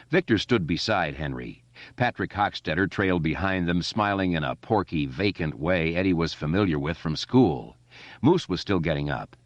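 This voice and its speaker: A man narrating an audiobook in a steady, expressive storytelling way. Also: low voice, moderate pace, no room sound. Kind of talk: scripted narration. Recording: dull lo-fi dry recording.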